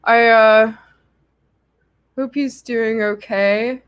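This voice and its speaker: A woman's voice: fairly high pitch, extremely slow, smooth, highs cut off. A young woman hosting a livestream, telling a story casually with lots of "like" fillers. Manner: chatty, lots of "like" fillers, animated retelling. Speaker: livestream host.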